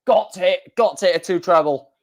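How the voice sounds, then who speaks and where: An excitable man commentating live on a stream, shouting and repeating himself at big moments. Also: sits high, fairly quick, vocal fry.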